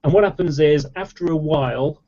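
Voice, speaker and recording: Speaking a little high and fairly fast, a warm-toned man holds forth in a casual online chat debate. His long explanation wanders, packed with fillers and restarts, and the recording is dull and lo-fi.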